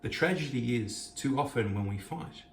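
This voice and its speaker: A man hosts a reflective Torah teaching from his kitchen, earnestly reading Hebrew verses from a scripture passage and explaining them. His mid-range voice is expressive and moves at a normal speed. The room is echoey, the mic sits at a distance, and there is slight background noise.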